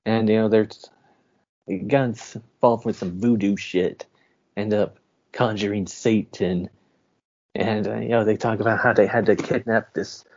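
A man's voice: lowish voice, steady tone, unhurried, darkish tone, highs cut off. A man co-hosting a film podcast, casually recapping a plot with easy laughs. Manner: laid-back, laughing storyteller.

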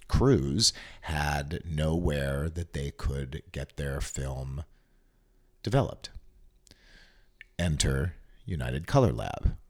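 Very deep-voiced man explaining at length. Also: darkish tone. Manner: explanatory, digressive storytelling. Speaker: podcast guest. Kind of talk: casual chat.

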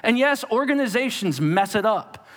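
A man's voice: high voice, lively intonation, moderate pace. A man preaching a sermon, emphatic and speaking straight to the congregation. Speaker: pastor. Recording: long hall reverb.

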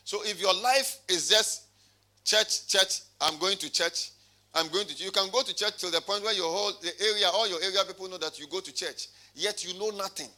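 A man preaching a sermon in a high, ringing voice with a very bright, sharp edge. He calls out to his congregation and reads scripture aloud. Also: a little fast. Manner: preaching with call-and-response. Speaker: pastor.

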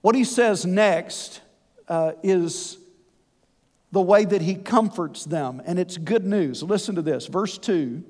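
A man preaching a sermon, folksy and animated with conversational asides. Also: high-pitched, slow pace. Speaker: pastor. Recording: long hall reverb.

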